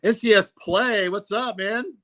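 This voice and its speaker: Guy rambling on his livestream, swears a lot, kinda high voice. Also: a little slow, pushed and bright. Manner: rambling, profane, lots of "you know, man". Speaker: livestream host. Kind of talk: casual livestream chat.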